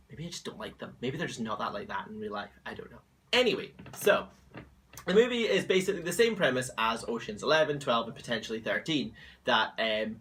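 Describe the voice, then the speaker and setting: A young man chatting to camera in a casual vlog. His voice is bright and tense, and his pitch swings widely as he gossips and gives opinions. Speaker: vlog host.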